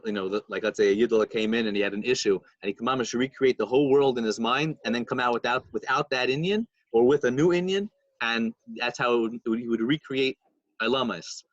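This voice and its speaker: A man's voice: mid-range voice, no room sound, muffled recording. A man co-hosting a podcast, retelling stories in casual chat and mixing in Hebrew and Yiddish terms. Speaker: podcast co-host.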